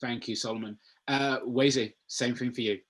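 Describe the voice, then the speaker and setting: A man hosting a webinar panel over a video call, passing questions around in a relaxed, conversational way. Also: mid-range voice, normal speed. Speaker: webinar host. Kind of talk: moderating a panel.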